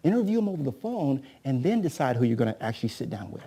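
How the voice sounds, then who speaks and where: A man's voice: medium pitch, sing-song, quick pace, mellow, breathy edge. A man coaching a live seminar audience, tossing in rhetorical questions and acting out his talks with sellers. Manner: rhetorical, keeps asking "right?"; acts out agent-seller dialogues. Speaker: real estate coach.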